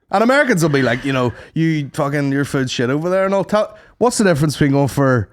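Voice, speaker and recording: A man's voice: a little high, fairly quick, long pauses, noisy background. A man co-hosting a podcast, bantering in sweary, joking casual chat. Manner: jokey, animated banter, sweary. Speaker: podcast co-host.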